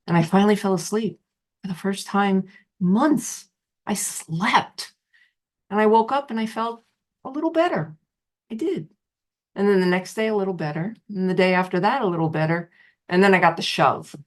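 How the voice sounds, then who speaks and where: A middle-aged woman, a betrayal recovery specialist, tells her own story with emotion, repeating phrases and swinging her pitch up hard for emphasis. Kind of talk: personal testimonial talk.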